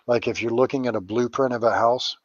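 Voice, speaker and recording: A middle-aged man talks as a guest in an interview, rambling from one story to the next and dropping crude jokes and swear words. His voice sits at an ordinary pitch. The recording is dry and dull. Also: fairly even intonation, fairly quick, no echo. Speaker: psychic medium and paranormal investigator guest.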